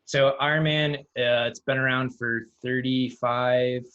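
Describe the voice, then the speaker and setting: Guy being interviewed, super calm and matter-of-fact, kinda bright tense voice. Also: medium pitch, unhurried, muffled recording. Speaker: interview guest. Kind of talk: casual interview chat.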